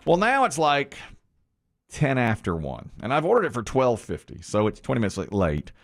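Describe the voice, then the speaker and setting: A man hosting a morning radio show, telling a story in an animated way and acting out the quoted lines. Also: medium pitch, moderate pace. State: sweaty from the gym.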